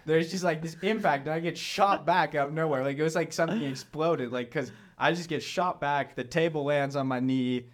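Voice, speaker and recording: A man's voice: fairly high pitch, moderate pace. A young man casually telling a story in a chat, rambling and filling it with "like" as he retells what happened. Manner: rambling, lots of "like", animated retelling. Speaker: storyteller guest.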